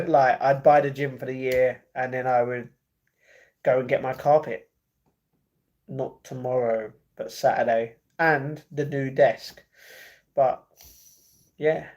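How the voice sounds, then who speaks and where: Speaking into wireless earbud mics, a British livestream host reads viewer comments aloud and then answers them, often apologetically, in a casual manner. His voice is medium-pitched with a darkish tone.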